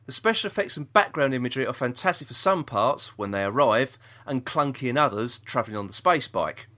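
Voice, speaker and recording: Brisk and animated, a podcast co-host from South East London uses a bright, forceful, medium-pitched voice. He chats and reads out a listener's email, with plenty of ums and restarts along the way.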